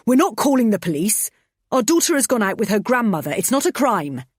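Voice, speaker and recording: A woman's voice: low-pitched, very animated, normal speed, a little mellow, husky, dry recording, studio quality, heavily acted. Woman doing a curt, snapping husband. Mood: stern snapping. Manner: snapping, scolding. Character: curt young husband, cold and impatient.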